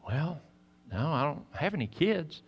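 A man's voice: fairly high pitch, big pitch swings, a little slow, slightly rough, highs cut off, full character voice. A man quoting a woman who whispers hesitantly from a van, in a reverberant church hall. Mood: hushed. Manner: hushed, hesitant.

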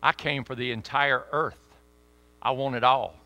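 A preacher voicing a calm defiant king. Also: mid-range voice, measured pace, no room sound. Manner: firm, declaring.

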